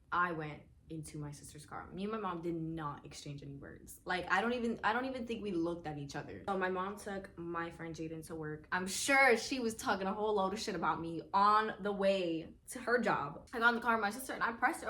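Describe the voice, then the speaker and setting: Young woman, animated storytime, swears freely, lowish voice, faint background noise. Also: brisk. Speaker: vlogger. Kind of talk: casual storytime.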